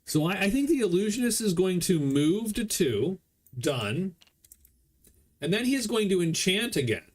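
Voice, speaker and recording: A man's voice: high voice, sing-song, normal speed. A man casually commenting as he plays a board game solo, explaining the rules as he goes. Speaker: board game player streaming a solo playthrough.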